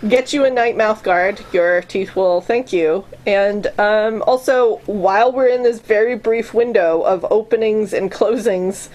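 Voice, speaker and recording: A woman's voice: mid-range voice, a little slow, hardly any pauses, a little mellow, rough recording. A young adult woman in casual chat, talking freely with plenty of fillers, swearing and laughter. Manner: chatty and profane, laughs often, many fillers.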